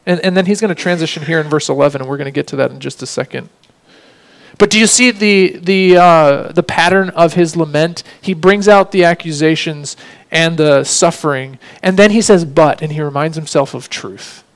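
A man preaching a sermon, earnest, slowing down to read scripture lines with emphasis. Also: a little high, rough recording. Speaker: pastor.

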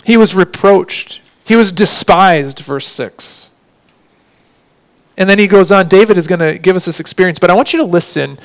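A man preaching a sermon, earnest, slowing down to read scripture lines with emphasis. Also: high voice, smooth, rough recording. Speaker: pastor.

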